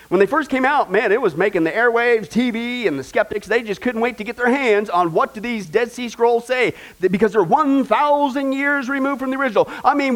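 High-voiced animated preacher man. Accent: American. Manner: animated, emphatic, asks the audience questions. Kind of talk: sermon with humor.

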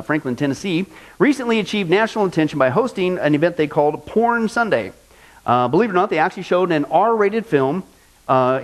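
A male pastor preaching an animated sermon, mocking things he disapproves of and doing quick impressions. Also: on the high side.

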